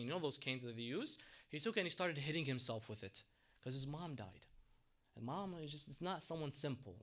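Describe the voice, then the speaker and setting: A man giving an impassioned religious lecture in a mosque, swinging between soft reflective passages and loud bursts. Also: mid-range voice. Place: mosque hall.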